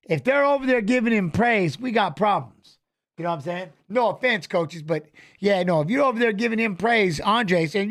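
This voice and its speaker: A man giving casual live commentary on a fight as a watch-along host, animated and coaching the fighters aloud, repeating phrases. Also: high voice, normal speed, dry recording, studio quality.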